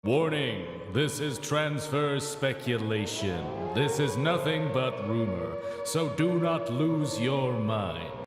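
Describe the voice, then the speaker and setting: A man putting on the voice of a stern old granddad, speaking in a slow, drawn-out way. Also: mid-range voice, expressive. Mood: stern warning. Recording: echoey room with long reverb.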